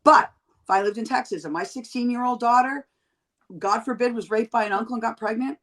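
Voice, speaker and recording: A middle-aged woman from Canada, a podcast guest, talking in a blunt, profane and animated way in casual chat. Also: on the high side, fairly quick.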